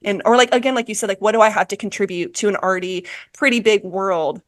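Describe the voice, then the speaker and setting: Young woman, podcast host, rambling, full of fillers and restarts, casual chat, mid-pitched. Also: fast.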